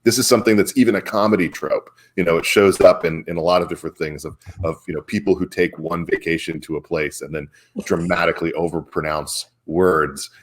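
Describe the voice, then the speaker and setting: Low-voiced man hosting a casual chat. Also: steady tone, quick pace. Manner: rambling, filler-heavy, asks questions. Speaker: podcast host.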